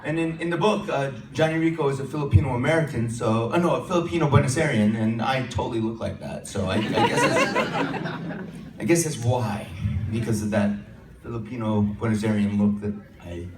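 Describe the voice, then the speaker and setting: Guy telling jokey stories at a convention panel, mid pitch, big echoey hall, mic kinda far off, faint hiss. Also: big pitch swings, a little fast. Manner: joking, self-deprecating storyteller. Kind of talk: casual anecdote telling. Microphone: handheld mic.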